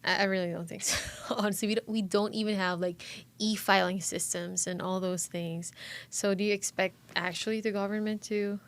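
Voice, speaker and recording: A woman chats on a podcast in a mid-pitched voice. She is from the Philippines and hedges her opinions. She laughs easily as she talks. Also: steady tone. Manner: chatty, hedging, quick to laugh. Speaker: podcast co-host. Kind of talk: casual chat.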